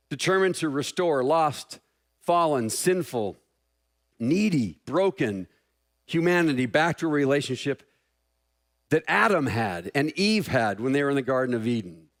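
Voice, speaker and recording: A middle-aged man preaching a sermon as pastor, joking and self-deprecating with an animated delivery. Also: fairly high pitch.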